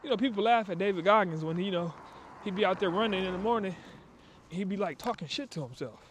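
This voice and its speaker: A man with a fairly high voice gives a motivational pep talk while out walking. He talks in emphatic, preachy bursts full of slang and acts out little asides. Faint outdoor noise hums behind him. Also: quick pace. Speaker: vlogger giving a motivational talk. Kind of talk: casual motivational monologue on a walk. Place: outdoors on a walk.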